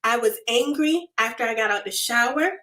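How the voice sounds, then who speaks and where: A woman, hosting a casual faith podcast in an animated, confessional way, laughing often and reading out listener comments. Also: on the high side, normal speed. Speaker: podcast host and faith coach.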